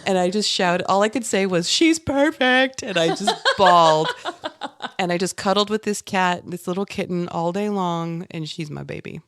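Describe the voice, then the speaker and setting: A woman's voice: lowish voice, fairly even intonation, a little fast, hardly any pauses, no room sound, clean studio sound. A woman in her thirties co-hosting a podcast, telling stories animatedly with frequent laughter and casual swearing. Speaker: podcast co-host. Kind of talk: casual chat.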